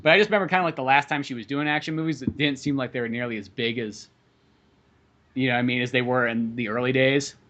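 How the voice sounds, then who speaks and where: A man co-hosting a podcast, chatting casually about movies in a rambling, animated way with lots of swearing. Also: medium pitch, quick pace, highs cut off. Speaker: podcast co-host.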